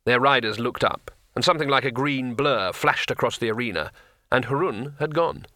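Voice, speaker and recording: A man narrates a comic fantasy audiobook with a bright, forceful voice. His storytelling is expressive and crisp, with a dry, close sound and no room around it. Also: mid-range voice, moderate pace, no room sound. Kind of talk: audiobook reading.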